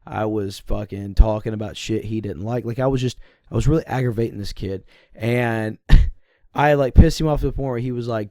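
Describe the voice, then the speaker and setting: A man's voice: on the low side, normal speed, darkish tone, no echo, clean studio sound. A young man co-hosting a podcast, telling a childhood story in a rambling, casual way and laughing as he goes. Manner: rambling, laughs through his stories. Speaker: podcast co-host.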